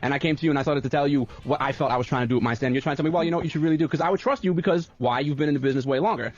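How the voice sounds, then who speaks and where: A man's voice: on the high side, racing. A man who co-hosts a radio show and does stand-up, pushing back in a defensive, insistent way. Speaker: radio co-host and comedian. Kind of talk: on-air argument. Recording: muffled radio broadcast with faint music.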